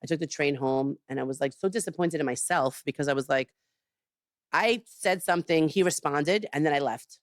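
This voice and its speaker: Being interviewed on a podcast, a chef tells her story emphatically, leaning heavily on "like" and "you know." She has a deep voice and a moderate pace, recorded cleanly in a studio with no echo.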